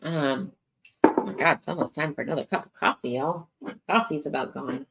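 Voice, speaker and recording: A woman's voice: sits low, creaky, a bit bright, lo-fi sound, a little hiss or hum. A tired woman, chatting casually with viewers as host of her morning livestream. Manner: chatty, drawn-out, lots of fillers and yawning. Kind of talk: casual live chat with viewers.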